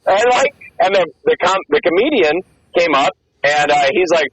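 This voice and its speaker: Profane, excitable man on a muffled call. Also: sits high, a crowd in the background. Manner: fast, profane, excited storytelling with acted-out quotes. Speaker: guest, former Marine and MMA fighter. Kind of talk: casual interview storytelling.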